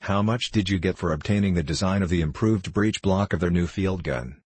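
A cold, sneering middle-aged diplomat, read by a man in a very low, husky voice. He talks down sharply and cynically. The sound is close and dry. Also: fairly quick, a little mellow, no echo. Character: mocking, condescending middle-aged male diplomat.

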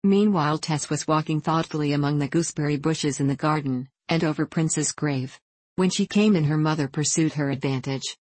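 A woman narrating an audiobook in a measured way, giving the characters light voices. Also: low-pitched, darkish tone, no echo.

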